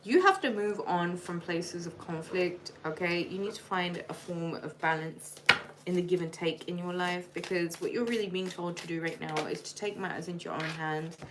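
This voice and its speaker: Casting: woman, low voice, chatty tarot reader on a live stream, cards shuffling, noticeable noise. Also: moderate pace. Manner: chatty, addresses each sign by name, playful nicknames.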